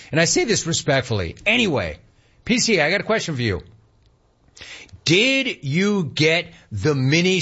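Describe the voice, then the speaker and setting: A man in his forties from Southern California hosting a casual sports talk show, an animated, rambling storyteller who reads from the live chat. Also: on the high side, dull audio.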